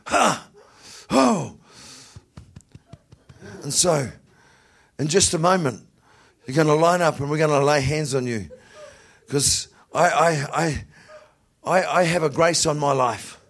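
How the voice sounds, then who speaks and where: Husky high-voiced man preaching animatedly. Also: takes it slowly, pauses often. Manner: animated, laughing often, repeating words, rising to shouts. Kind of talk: sermon.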